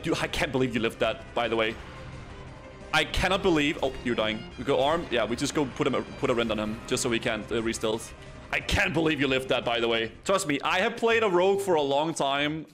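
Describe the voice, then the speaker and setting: A man streaming a video game match, commenting excitedly with stammered restarts and sudden laughing yelps. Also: mid-range voice. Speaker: streamer playing arena matches.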